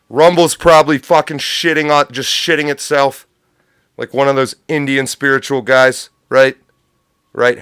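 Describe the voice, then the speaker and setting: A man's voice: mid-range voice, a bit bright, smooth, no room sound, studio quality. A man hosting a livestream, ranting in a profane, sarcastic, rambling way. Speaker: livestream host. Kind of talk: unscripted livestream rant.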